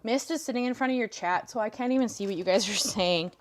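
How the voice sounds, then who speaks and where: A woman hosting a casual crafting livestream, chatting with viewers and coaxing her cats in a soft voice. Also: fairly high pitch, fast talker, a little hiss or hum. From Canada.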